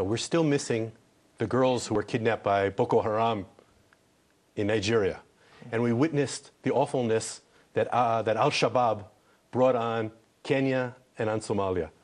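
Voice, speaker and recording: A man who is an ambassador from Israel, answering questions in a TV news interview in an earnest way and repeating words when he presses a point. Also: medium pitch.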